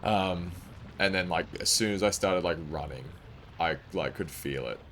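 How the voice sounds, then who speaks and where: Deep-voiced young man telling stories. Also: moderate pace, a bit bright, a little hiss or hum. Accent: non-American English. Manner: rambling storytelling with many fillers. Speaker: game streamer. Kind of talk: casual chat while streaming.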